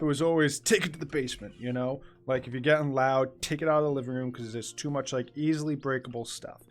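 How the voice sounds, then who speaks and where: A young man, a gaming YouTuber, tells a casual story over gameplay in an animated way, laughing and swinging between fast and drawn-out delivery. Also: a little high.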